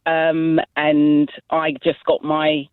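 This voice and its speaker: A woman calling into a radio phone-in, briskly explaining her situation. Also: low voice, monotone, smooth, no echo. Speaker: caller. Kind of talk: phone-in call. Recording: tinny phone line.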